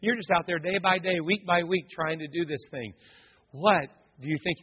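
A man's voice: a little high, moderate pace, breathy edge, long reverb tail, highs cut off. A man acting out the devil as a cold, mocking whisper in a sermon. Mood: taunting. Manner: mocking, belittling, hushed.

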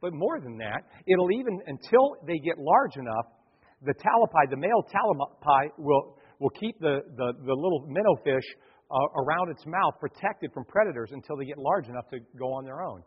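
A male pastor delivering an animated sermon, acting out the voices of the people in his stories. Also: on the high side, moderate pace, breathy edge. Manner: animated preaching, acts out quoted voices. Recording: dull sound, long hall reverb.

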